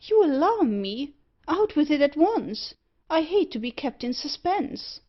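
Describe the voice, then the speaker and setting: A woman reading aloud, voicing an excitable old gentleman who exclaims over things. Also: a little high, slow, lo-fi sound, voice pushed up, full character voice. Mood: alarmed. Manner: rapt, exclamatory.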